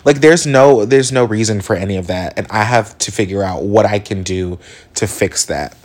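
A young man in his twenties hosts his own podcast, wandering from one tangent to the next in a frank, profane, chatty way. His speaking voice sits fairly low. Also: normal speed, darkish tone. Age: 20s. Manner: rambling, candid and profane, with mimicked voices. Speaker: podcast host. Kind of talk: casual solo podcast monologue.

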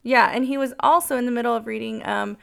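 A woman's voice: a little high, steady tone, quick pace, vocal fry, fairly bright tone, smooth. A woman co-hosting a podcast, chatting casually about songs with lots of filler words. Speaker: podcast co-host.

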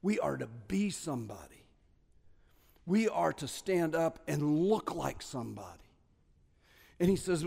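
A man preaching a sermon as pastor, stressing key words loudly and dropping to quiet asides. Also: fairly high pitch, very animated, unhurried, vocal fry, pauses often, breathy edge, in a large hall. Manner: emphatic, swings between loud stresses and quiet asides.

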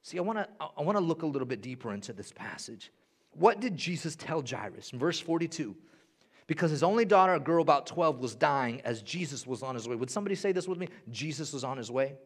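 A young man preaching a sermon as pastor, swinging between loud, high-pitched bursts and hushed, low passages. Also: animated, fast talker.

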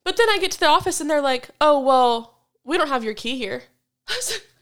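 A young woman swears freely and tells her story with animated energy in a relaxed chat. Her voice sits a bit higher than most. She laughs easily as she talks. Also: brisk. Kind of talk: casual chat.

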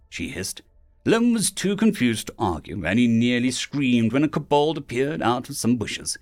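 A man's voice: normal speed, faint music behind. A man narrating a fantasy web novel as an audiobook, lifting his voice for the characters' lines. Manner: lively, raises pitch for character lines.

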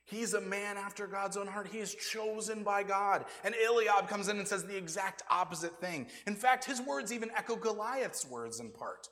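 A male pastor preaching a sermon, animated, then dropping to hushed asides and whispers. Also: high voice, moderate pace. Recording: long reverb of a church hall.

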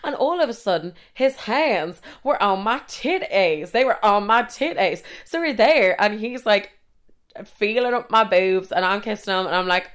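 Lively Irish young woman with a smooth voice. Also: medium pitch, normal speed. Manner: animated, swears freely, acts out quoted voices. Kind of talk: casual storytelling monologue.

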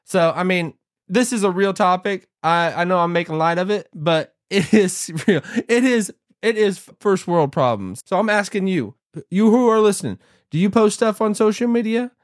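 A man's voice: high voice, moderate pace. A man talking casually to his audience as a YouTuber, rambling with frequent restarts and emphatic repeats. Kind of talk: casual talking-to-camera monologue.

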